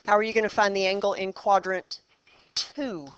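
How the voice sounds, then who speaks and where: A woman's voice: mid-range voice, steady tone, smooth, muffled recording. A woman teaching a math class, quizzing her students and walking them through problems step by step. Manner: quizzing the class, brisk and encouraging. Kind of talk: classroom lesson.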